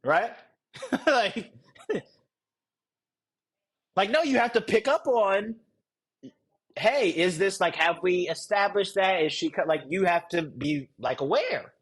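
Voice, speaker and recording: A man's voice: slow pace, long pauses, husky, poor audio. A man coaching a live group in a casual, rambling way, joking and chuckling as he talks. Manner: animated, rises high when mocking. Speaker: sales coach leading a training program.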